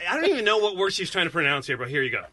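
A man's voice: on the high side, very animated, racing. A man hosting a radio blooper countdown, setting up each clip with teasing remarks. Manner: teasing, playful delivery. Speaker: radio host reading a countdown. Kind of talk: countdown segment with teasing setups.

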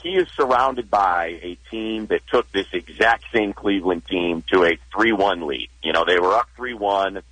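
A man's voice: deep voice, normal speed, few pauses, a bit bright, dry recording, poor audio. A man calling into a radio show from his car on a phone, talking with dry humor. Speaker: radio host calling in as guest. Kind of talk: casual radio chat by phone. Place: car on a freeway. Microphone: phone held to the ear.

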